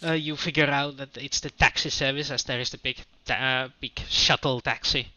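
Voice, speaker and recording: Bright-voiced man running a space game. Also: medium pitch, steady tone, fairly quick, no echo, muffled recording. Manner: jokey, self-correcting narration with fillers. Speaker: game master. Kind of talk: narrating a tabletop game. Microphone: home mic on an online call.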